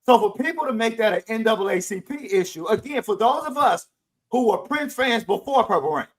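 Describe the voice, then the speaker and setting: Brief: middle-aged male podcast co-host with a high voice, forceful and insistent, stacking restarts as he argues. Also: brisk, poor audio. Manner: emphatic, animated, repeats words while building a point. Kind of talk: casual discussion.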